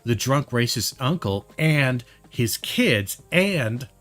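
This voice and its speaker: Male commentator, mid-pitched, loose and rambling, a bit worked up, light music bed. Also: lively intonation, slow, a bit bright. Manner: rambling, heated, many fillers and restarts. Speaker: commentator reacting to a video. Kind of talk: casual spoken commentary.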